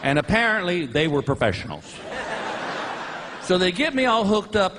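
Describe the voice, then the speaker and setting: A middle-aged man performing stand-up comedy on stage, telling a story and acting out characters with shouted, high yelps. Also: very animated, normal speed. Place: comedy stage before a live audience. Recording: live show with crowd laughter and noise.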